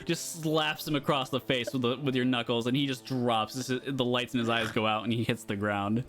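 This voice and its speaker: A man's voice: mid-range voice, steady tone, brisk, a bit bright, faint music behind. A man acting as dungeon master, narrating a tabletop game in a laid-back way, laughing between descriptions.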